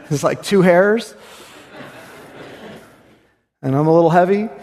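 A man preaching an expository sermon, animated, swinging from hushed tones to exclamation. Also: high-pitched, takes it slowly. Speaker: pastor. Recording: reverberant hall.

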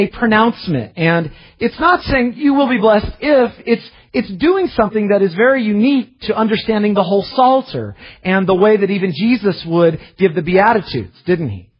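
A male preacher delivers a sermon with a high, lively voice that rises and falls a lot. His tone is somewhat husky, and he earnestly questions himself, often restarting his phrases. The recording sounds dull and lo-fi. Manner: earnest, self-searching preaching with repeated restarts.

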